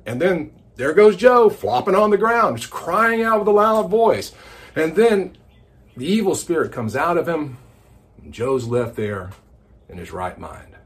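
Lively, animated man teaching the Bible. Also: fairly high pitch. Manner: animated, conversational storyteller. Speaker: podcast host and Bible teacher. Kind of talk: casual devotional Bible talk.

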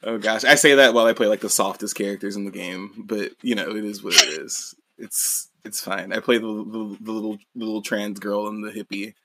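Chill young dude on a podcast, kinda low voice, swears a lot, dry close mic. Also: male voice, steady tone, a little fast, hardly any pauses, pushed and bright, no echo. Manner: casual, swears freely, frequent restarts. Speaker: podcast co-host. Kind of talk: casual chat.

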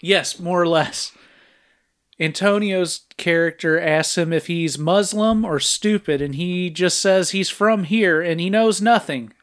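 A man co-hosts a podcast, summarizing a film's plot scene by scene in an easygoing way. His voice sits a little high for a man, and he keeps stopping for filler sounds as he goes. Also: unhurried, fairly bright tone. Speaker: podcast co-host. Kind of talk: casual film recap.

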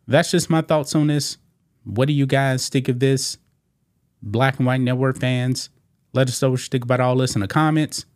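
A man hosts reaction commentary in an emphatic, repetitive way and keeps calling his listeners "man". His pitch sits in the middle range. The sound is dry and close, with no room echo. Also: a little mellow. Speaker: commentary channel host.

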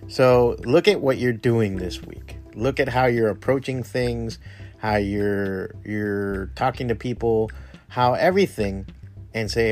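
A man's voice: on the low side, a little slow, a little mellow. Blunt, swearing man with faint guitar. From Cuban family roots. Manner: profane, blunt, rambling. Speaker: podcast host giving a pep talk. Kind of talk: casual motivational monologue.

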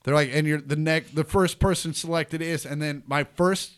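Man telling a lively story. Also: a little high, normal speed, clear, resonant tone. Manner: animated, acts out quotes loudly. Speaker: comedian guest. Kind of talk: casual storytelling.

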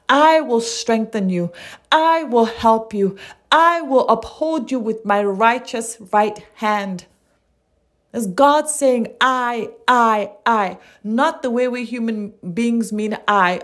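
Slow, earnest woman preaching. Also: on the high side. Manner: earnest, repeats lines, asks rhetorical questions; reads scripture aloud. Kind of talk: devotional sermon.

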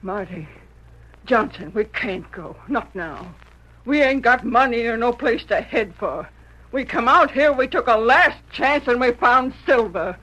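An actress playing a stern, sharp-tongued frontier wife with a rural drawl, in 1940s radio acting. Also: female voice, on the high side, lively intonation, unhurried, highs cut off. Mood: desperate.

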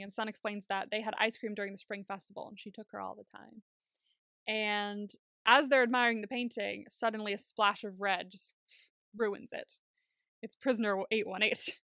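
Woman podcast co-host, casual recap chat, laughs and swears a lot, crisp bright tone, dry sound. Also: mid-range voice, dry recording. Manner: chatty, swears freely, laughs often.

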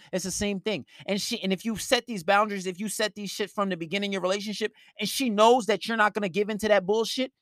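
A man's voice: high-pitched, fairly bright tone, no echo, clean studio sound. A man giving blunt, profane dating advice on a live stream, talking in an emphatic rant.

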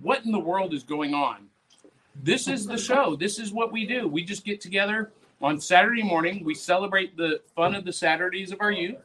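Bright-voiced man hosting a live chat. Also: sits high, moderate pace, low-quality recording. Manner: chatty, playful teasing. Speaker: podcast co-host. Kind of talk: casual live podcast chat. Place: indoor arts center event with vendors.

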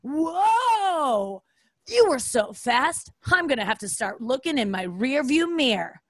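A woman's voice: high-pitched, normal speed, a bit bright, dry recording, pitched above the performer's own voice. A syrupy, condescending male running coach doles out hollow praise in a raised, sing-song voice, as a woman mocks him. The sound is dry and close-miked. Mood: patronizing. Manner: patronizing, sing-song encouragement.

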